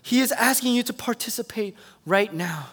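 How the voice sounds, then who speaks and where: A man delivers a sermon in a noticeably high voice. He tells stories with animation and swings between soft, hushed stretches and loud outbursts. A long reverb trails his words through the hall. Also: expressive, normal speed. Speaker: preacher.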